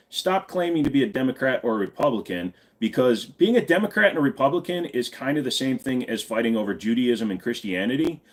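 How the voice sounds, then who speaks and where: A man in his forties hosting a live stream Q&A. He talks bluntly and casually and swears freely. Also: mid-range voice. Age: 40s.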